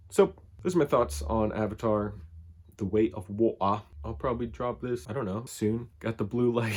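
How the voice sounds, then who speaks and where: A man's voice: medium pitch, a little mellow. A man hosting his own channel, giving a casual unscripted film review in a rambling, laid-back way, full of "like" and "I don't know".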